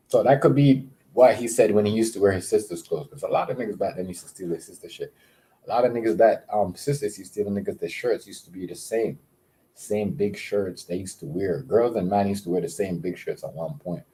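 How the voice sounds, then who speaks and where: A man hosting a casual livestream, rambling with many fillers and repeated words, giving shout-outs to viewers. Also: low voice. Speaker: livestream host.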